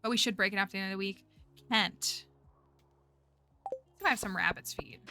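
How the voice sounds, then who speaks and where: A woman's voice: mid-range voice, normal speed, music in the background. A woman streaming a game, chatting casually as she plays, thinking aloud and talking to her viewers. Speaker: livestreamer. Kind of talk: casual gameplay commentary.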